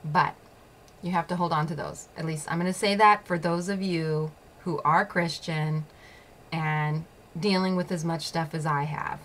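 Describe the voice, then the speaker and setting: A woman's voice: sits low, fairly even intonation, a little slow. A woman hosting her own show, telling a personal story in a blunt, profane way and laughing often. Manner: repeats phrases for emphasis. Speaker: show host.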